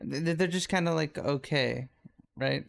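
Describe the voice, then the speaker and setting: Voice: mid-range voice, normal speed, creaky. A podcast co-host chatting casually, hesitant and stammering. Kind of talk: casual chat.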